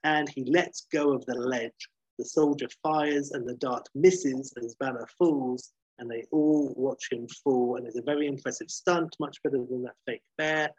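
A man's voice: medium pitch, fairly even intonation, normal speed, breathy edge, no echo, muffled recording. A man casually retelling a TV episode scene by scene, swearing freely and acting out the characters' lines. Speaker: recapping a TV episode.

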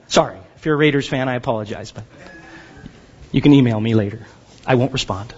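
A man preaching a sermon as pastor, animated and joking, sometimes acting out the voices of the people he quotes. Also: medium pitch, brisk, long pauses, big-room sound, lo-fi sound.

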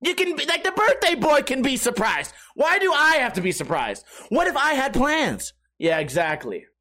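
A young man hosting a casual podcast, profane and animated, bursting into loud shouts. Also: extremely high pitch, moderate pace. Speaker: podcast host. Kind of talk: casual rambling chat. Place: at home.

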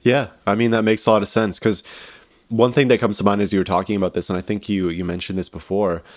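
A man's voice: fairly low pitch, flat delivery, fast, no echo. A man co-hosting a podcast, talking casually and rambling with lots of "like" fillers and easy laughter. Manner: rambling, heavy use of "like" fillers; laughs easily. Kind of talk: casual conversation.

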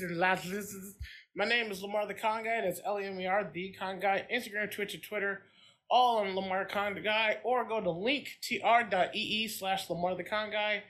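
A male podcast co-host with a bright, forward voice. He jokes around playfully in loose conversation. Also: high-pitched. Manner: joking, playful. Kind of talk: casual podcast chat.

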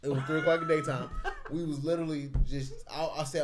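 Guest, male, lively slangy storyteller, voice on the higher side. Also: fast, background noise. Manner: animated, exaggerated retelling with slang. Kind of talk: casual storytelling chat.

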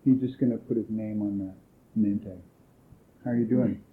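A man leading a training workshop, calmly asking participants probing questions. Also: lowish voice, normal speed, slight background noise. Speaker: workshop leader. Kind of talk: facilitating a group process. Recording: thin phone-like workshop recording.

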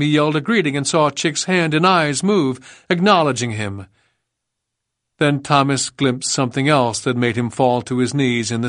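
A man's voice: mid-range voice, a bit bright, no room sound. Grave male audiobook narrator, dry sound. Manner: measured, grave storytelling. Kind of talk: scripted narration.

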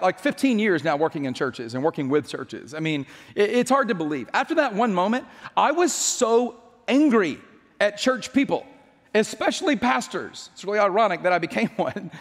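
A man's voice: high-pitched, in a large hall. A male pastor telling a personal story in a sermon, chatty and joking, often restarting his sentences.

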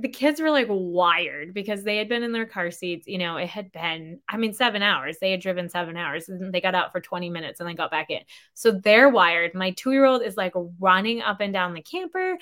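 A woman in her thirties hosting a podcast, telling a story in a chatty, animated way and acting out the dialogue. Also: mid-range voice. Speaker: podcast host. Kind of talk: casual storytelling monologue.

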